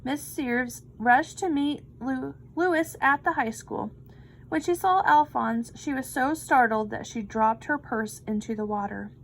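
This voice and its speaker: A woman reads a children's picture book aloud with expressive storytelling. She speaks slowly in a high voice. Her delivery is gentle read-aloud narration. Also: low-quality recording. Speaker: storybook reader.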